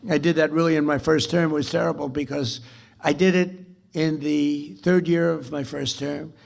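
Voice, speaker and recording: A man's voice: on the high side, steady tone, moderate pace, creaky, darkish tone. A man giving an off-the-cuff political speech at a club dinner, rambling, repeating himself and boasting. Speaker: dinner speaker.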